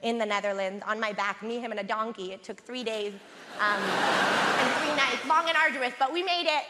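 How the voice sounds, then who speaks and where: A woman with a notably high voice doing stand-up on a big theatre stage. Her delivery is deadpan and self-mocking, with sudden high squeals. The sound rings with long hall reverb under heavy noise. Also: moderate pace. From Latin American family background. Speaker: stand-up comedian. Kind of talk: stand-up routine.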